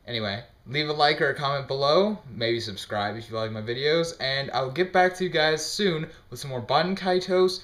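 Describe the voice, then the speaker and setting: Casual, joking man as game-guide host; bright voice, roomy room. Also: mid-range voice, moderate pace. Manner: loose, joking, rambling with fillers.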